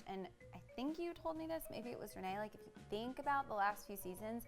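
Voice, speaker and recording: A young adult woman co-hosting a TV recap show, chatting casually and acting out quotes in animated little voices. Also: on the high side, a little fast, few pauses, over music. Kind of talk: casual chat.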